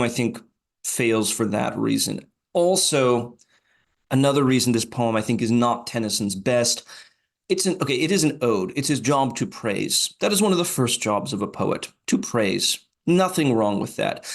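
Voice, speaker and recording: A man's voice: medium pitch, gravelly. A male podcast host giving informal poetry commentary, talking conversationally with frequent fillers and restarts.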